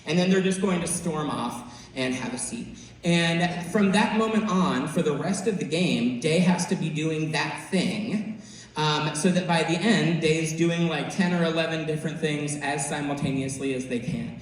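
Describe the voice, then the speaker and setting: A man's voice: fairly high pitch, normal speed. A man hosting a live improv comedy show, casually explaining the game rules to the audience with fillers and apologies. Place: theater stage. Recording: echoey hall from far off, faint noise.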